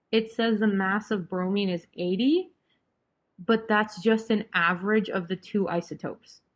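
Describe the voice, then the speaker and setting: A young woman leading an online chemistry review session, talking casually and joking sarcastically with her students. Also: medium pitch. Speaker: chemistry tutor.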